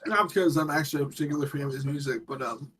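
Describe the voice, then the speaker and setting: A man's voice: a little high, racing, a bit bright, low-quality recording. A young man chatting casually as co-host of a watch-along, rambling with lots of hesitant fillers.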